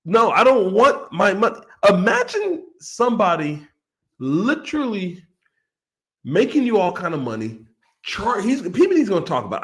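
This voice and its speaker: Excitable high-pitched man reacting. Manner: animated, excitable, acts out quoted voices. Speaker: host reacting to a podcast clip. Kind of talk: casual reaction commentary.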